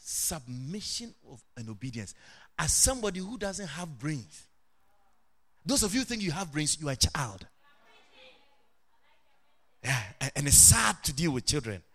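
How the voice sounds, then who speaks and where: A middle-aged man preaching a sermon as pastor, animated, with sudden shouted and sing-song rises. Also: a little high, measured pace, pauses often.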